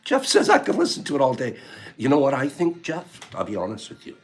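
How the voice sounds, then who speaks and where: A man's voice: mid-range voice, big pitch swings, fast talker, soft background music. A man hosting a casual livestream, rambling and teasing as he reads viewer comments, laughing often. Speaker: livestream host.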